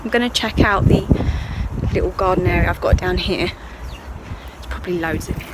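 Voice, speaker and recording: A woman's voice: lowish voice, brisk, very noisy. A woman chatting casually to the camera in a video diary while gardening outdoors. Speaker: vlogger.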